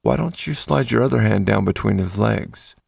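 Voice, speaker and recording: Guy doing a calm bossy dom lover, low sexy voice, kinda gravelly, takes his time. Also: dry recording, clean studio sound, heavily acted. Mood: calm, coaxing. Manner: gentle authority, unhurried. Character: commanding male dom, calm, coaxing.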